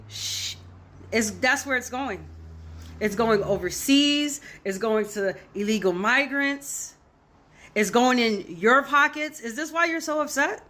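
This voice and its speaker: A woman's voice: fairly high pitch, bright, forceful tone. A woman filming an angry reaction rant to camera, heated and profane, repeating her points for emphasis. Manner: heated, profane, repetitive ranting. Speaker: social media commentator.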